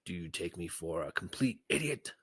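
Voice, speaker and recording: A sulky, grumbling storybook ruler with a deep, gravelly voice, as a man reads him. He speaks in a husky, dry tone, close to the mic. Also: lively intonation, moderate pace, a bit bright, no echo, exaggerated voice. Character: sulky, short-tempered young male creature ruler. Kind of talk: storybook reading.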